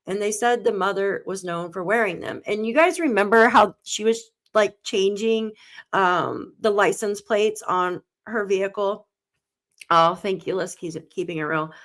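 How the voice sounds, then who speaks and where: Woman host of a true crime live stream, mid-pitched, reads news aloud, near tears. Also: measured pace, fairly bright tone. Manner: greets chat viewers by name, reads articles aloud, tearful. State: close to tears.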